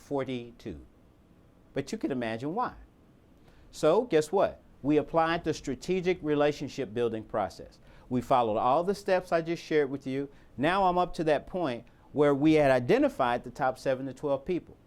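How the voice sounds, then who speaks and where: A man's voice: a little high, expressive, moderate pace, darkish tone. A man giving an emphatic training talk to volunteers, firing off rhetorical questions and repeating his key points.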